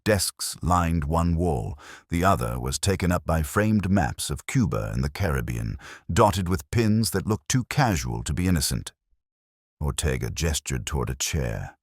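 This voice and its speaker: A man's voice: extremely low pitch, big pitch swings, a little slow, no room sound, studio quality. A man narrating a hardboiled mystery in a wry, clipped first-person delivery.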